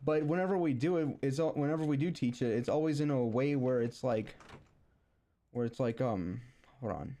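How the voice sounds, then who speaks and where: A man's voice: mid-range voice, moderate pace, mellow. A young man streaming a rambling, sarcastic rant that is full of restarts and repeated words.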